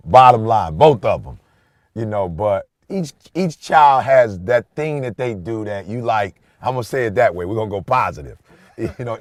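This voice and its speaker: A man in his forties, a podcast host, telling a story in a casual chat, animated and swinging between hushed asides and loud bursts. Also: on the low side, dry recording.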